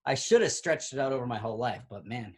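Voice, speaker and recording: Very low-voiced woman hosting casual comedy talk. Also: animated, quick pace, slightly rough. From Boston. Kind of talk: casual chat.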